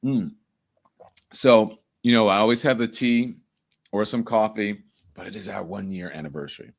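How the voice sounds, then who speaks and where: A man's voice: fairly low pitch, normal speed, vocal fry. A man hosting his own live-stream show, chatting casually, laughing easily and reading out viewer comments from what sounds like an apartment home studio.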